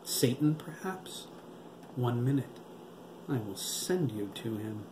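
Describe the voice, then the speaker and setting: A man's voice: mid-range voice, animated, takes it slowly. A man voicing a menacing male villain gunman who taunts his captive. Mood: taunting. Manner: taunting, mocking. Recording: roomy with faint hiss.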